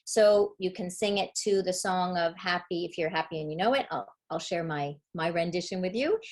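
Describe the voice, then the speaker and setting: A middle-aged woman with a Canadian accent presents a webinar on reading, lively and demonstrative, drawing sounds out slowly as she enunciates. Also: fairly low pitch. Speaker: reading educator.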